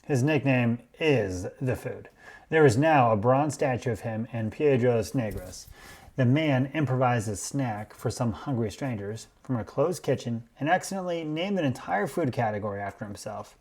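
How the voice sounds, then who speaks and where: A man hosting a podcast, telling food history in a measured, explanatory way. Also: medium pitch, animated, a little mellow. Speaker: podcast host.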